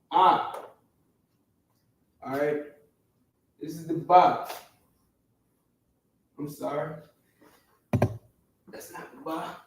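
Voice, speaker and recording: A man's voice: on the high side, darkish tone. A man teaching a class in a classroom, often stopping to check that his listeners follow. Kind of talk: classroom lecture. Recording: very echoey room, distant from the mic.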